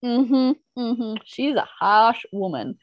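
A woman's voice: on the high side, expressive, slow pace, dry recording, lo-fi sound. A woman co-hosting a podcast, chatting casually through an episode recap with lots of "like" fillers. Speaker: podcast co-host.

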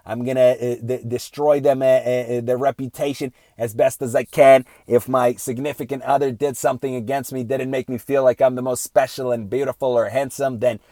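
A man's voice: mid-range voice, flat delivery, warm tone, no echo. Earnest man lecturing in a dry room. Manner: earnest, rhetorical questions, frequent "right?"; halting restarts with many fillers. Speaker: speaker giving a moral talk. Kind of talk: unscripted moral lecture.

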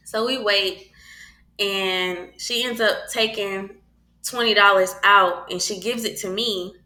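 A middle-aged woman casually telling a personal faith story, animated and acting out the voices of the people in it. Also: medium pitch, slow pace, reverberant. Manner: animated, acts out quoted voices.

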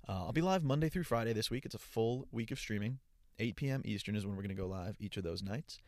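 A man's voice: fairly low pitch, fast talker, a little mellow, no room sound, clean studio sound. A young man hosting his own podcast alone, rambling casually in a stream of consciousness into a portable travel mic. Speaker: podcast host. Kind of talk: casual solo podcast monologue.

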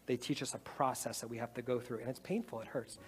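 A man giving a casual, animated sermon, talking conversationally and acting out little voices as he explains. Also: medium pitch, fast talker, husky. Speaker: preacher. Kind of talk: sermon with demonstration. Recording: long hall reverb, faint music.

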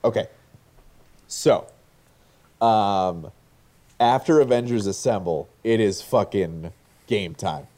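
Co-host, man in his thirties, lowish voice, unhurried delivery, swears freely while recounting a movie. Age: 30s. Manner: slow, excited, swears freely. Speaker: podcast co-host. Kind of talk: casual retelling of a movie.

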